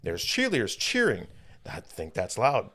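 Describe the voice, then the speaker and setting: Animated man retelling a story. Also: on the low side, a little slow, slightly rough. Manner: animated storyteller acting out quoted voices. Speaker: podcast co-host. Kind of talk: casual chat.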